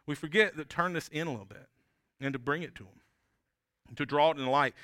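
A man's voice: fairly high pitch, quick pace, pushed and bright, no echo, clean studio sound. A man preaching a sermon as pastor, talking in an earnest, conversational way with frequent restarts and tag questions.

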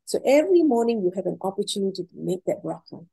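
A woman's voice: medium pitch, quick pace, vocal fry, slightly rough, poor audio. A woman speaking as a guest, giving inspirational advice and telling stories with acted-out dialogue. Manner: animated, acts out dialogue in a story. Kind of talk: inspirational talk with storytelling.

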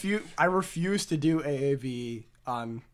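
Male podcast host, rambling jokes, lively pitch, casual banter. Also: normal speed. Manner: rambling, joking, often trailing off.

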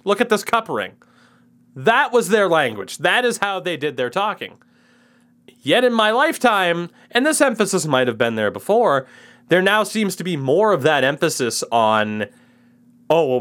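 A man's voice: on the high side, fairly bright tone. A man in his twenties, co-hosting a casual sports chat and giving opinionated takes. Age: 20s. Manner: opinionated, ranting, swearing. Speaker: podcast co-host.

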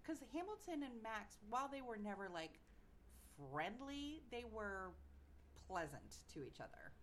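A woman's voice: on the high side, sing-song, a little slow, a bit bright, a little hiss or hum. A woman co-hosting a podcast, recapping events in casual chat with fillers and playful mock quotes. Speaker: podcast co-host.

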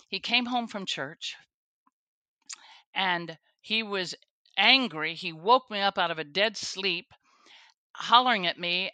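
A woman's voice: lowish voice, bright, forceful tone, no room sound. A woman, a guest on a faith show, telling her own story earnestly, with restarts and the odd laugh. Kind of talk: personal testimony interview.

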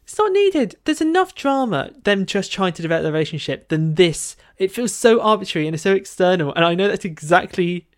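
Lively, exasperated male podcast co-host. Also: high voice. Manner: animated, exasperated, acts out characters in quick asides. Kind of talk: casual book chat.

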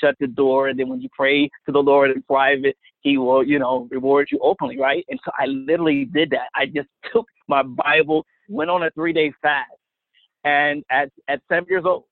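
Over what sounds like a phone line, a man speaking at normal speed in a mid-range voice gives his faith testimony as a guest minister. He's an earnest storyteller who repeats words often, and the recording is dry.

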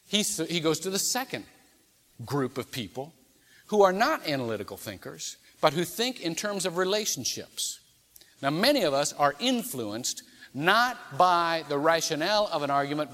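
A man's voice: a little high, fairly bright tone, in a large hall. A man preaching a sermon as pastor, telling stories and acting out the quoted dialogue. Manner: storytelling preacher who acts out quoted dialogue. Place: church sanctuary.

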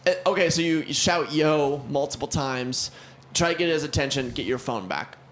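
A man's voice: fairly high pitch, normal speed. A young man co-hosting a podcast, telling a story in a casual chat and acting out the people in it. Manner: animated storyteller, acts out the people in his stories. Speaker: podcast co-host.

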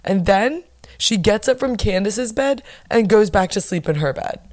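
A young woman hosting her own podcast, chatting casually and bluntly with lots of swearing and animated bursts of emphasis. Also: mid-range voice, normal speed. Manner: blunt, profane, gossipy. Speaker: podcast host. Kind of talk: casual solo podcast chat.

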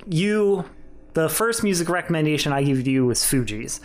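A man's voice: on the high side, lively intonation, moderate pace. A young man co-hosting a podcast, giving candid, rambling opinions in casual chat. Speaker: podcast co-host.

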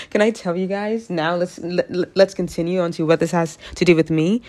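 A woman's voice: on the low side, moderate pace, darkish tone. A woman from the United States talking casually to camera, rambling through her thoughts with frequent laughs and asides. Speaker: vlogger.

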